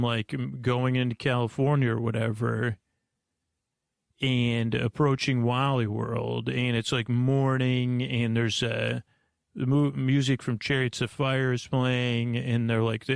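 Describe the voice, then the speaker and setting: A man slowly recapping a movie plot at bedtime, meandering with lots of fillers and restarts. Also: mid-range voice, gravelly, smooth, no echo, studio quality. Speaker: host.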